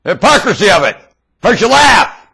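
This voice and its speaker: A man recorded on a webcam mic at home, rambling in a monologue that swings between loud outbursts and mumbling. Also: high-pitched, very animated, moderate pace, gravelly, husky.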